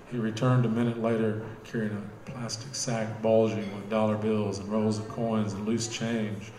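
A man reading his own novel aloud in steady, measured narration at a live bookstore cafe event. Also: on the low side. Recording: roomy cafe with live guitar.

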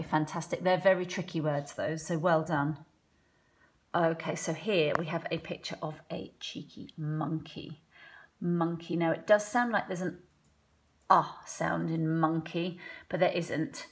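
A woman teaching a children's phonics lesson from home, slowly sounding out letters one by one with patient encouragement. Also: lowish voice. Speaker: primary school teacher.

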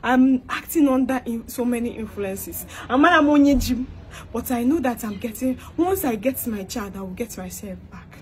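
A woman's voice: fairly high pitch, lively intonation, moderate pace, slight background noise. A young woman with a Nigerian Igbo-inflected accent, performing a comedic skit monologue. She begs and pleads, repeats herself, and slips between English and Igbo.

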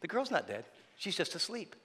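A man preaching, quoting Jesus as a calm, authoritative teacher in a solemn, measured voice. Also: high-pitched, in a large hall, exaggerated voice.

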